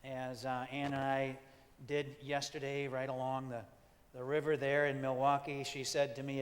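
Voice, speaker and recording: A pastor, a man, leading a gentle, reflective sermon with playful asides. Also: medium pitch, flat delivery, moderate pace. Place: church sanctuary. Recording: long hall reverb.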